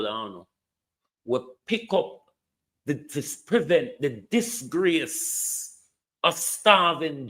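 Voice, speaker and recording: His voice is mid-range, pushed and bright. With a Jamaican accent, he gives fiery political commentary full of scorn, keeps speaking directly to the Prime Minister and slips Patois in among his English.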